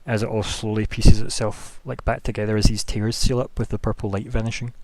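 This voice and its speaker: This is a man running a tabletop session, describing scenes in a low voice. He talks in a loose, rambling way, stacking "like" and "um" as he builds each image. The sound is dry and close. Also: level tone, a little fast, darkish tone, no room sound. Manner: rambling descriptive narration with many fillers. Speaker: game master. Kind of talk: narrating a tabletop game.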